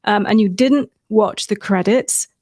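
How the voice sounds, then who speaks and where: A woman's voice: mid-range voice, measured pace, a little mellow, no room sound. A woman with a mid-range voice co-hosting a casual recap chat. She talks in a chatty, detail-loving way, full of hesitant fillers. The sound is dry and close. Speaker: podcast co-host.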